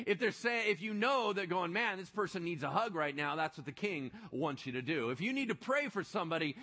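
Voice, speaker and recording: A man preaching a sermon as pastor, playful and animated, acting out little dialogues as he teaches. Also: high voice.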